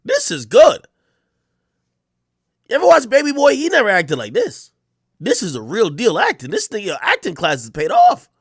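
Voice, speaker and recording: A man hosts a live stream and mocks the clips he plays with sarcastic, animated commentary. His pitch swings widely as he reacts. The room sounds dry and close. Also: normal speed, long pauses, husky, no echo. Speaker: streamer host.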